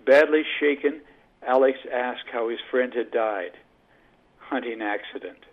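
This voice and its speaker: A man narrates a story at a steady, mid-range pitch, unhurried and measured. The sound is thin and tinny, squeezed like a phone line. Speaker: audiobook narrator. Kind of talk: scripted narration.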